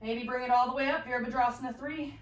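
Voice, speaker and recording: A woman's voice: sits high, steady tone, fast talker. A woman teaching a guided yoga class, calling out poses and breaths with encouraging cues while practicing along and a little out of breath. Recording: roomy echo, voice from a distance.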